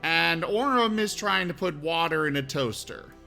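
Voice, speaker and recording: Stream host: bright, animated voice, dry and teasing, faint music under. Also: medium pitch, moderate pace, vocal fry. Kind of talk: casual game-stream chat.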